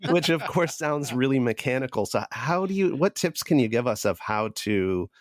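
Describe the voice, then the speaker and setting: A man's voice: medium pitch, expressive, moderate pace, few pauses, no echo, clean studio sound. A man hosting a podcast who asks the guest tongue-in-cheek questions. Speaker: podcast host. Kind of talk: interview questions.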